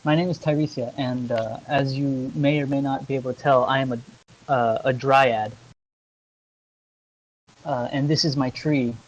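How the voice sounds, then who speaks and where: A man voicing a tearful female dryad bound to her tree, speaking haltingly with many fillers. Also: medium pitch, steady tone, muffled recording, lightly acted. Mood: earnest.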